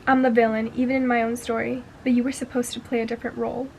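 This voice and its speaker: A woman's voice: fairly high pitch, little pitch movement, fast talker, darkish tone, a little hiss or hum, close to an everyday voice. A woman reading as a brooding young villain. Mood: earnest. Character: brooding young male villain confessing love.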